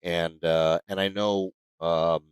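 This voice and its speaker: A man's voice: low voice, little pitch movement, slow, clean tone, no room sound. A man, a former player and podcast co-host, thanking a guest in an earnest, appreciative casual chat.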